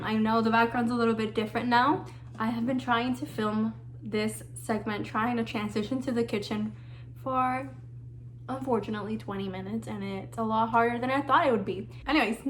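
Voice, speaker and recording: A woman's voice: fairly high pitch, a little hiss or hum. A young woman chatting casually in her home kitchen as she hosts a cooking vlog, often drifting off on tangents. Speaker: vlogger.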